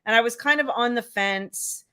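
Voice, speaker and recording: A woman's voice: a little high, moderate pace, pushed and bright, clean tone. Middle-aged woman, casual live-stream host, chatty and rambling. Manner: chatty, rambling, answers viewer comments by name. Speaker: romance author hosting a live stream.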